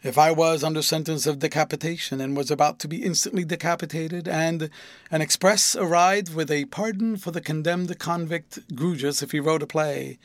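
A man's voice: fairly high pitch, steady tone, normal speed, dry recording, lightly acted. A man voicing a fussy, secretive elderly guardian who speaks in a stiff, formal, confiding way. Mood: solemn. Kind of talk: audiobook dialogue reading.

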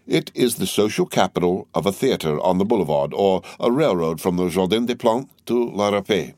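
A man's voice: low-pitched, lively intonation, moderate pace, a little mellow, no echo, studio quality. A man voicing a courteous, genial young French viscount in a classic novel reading. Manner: polite, gallant.

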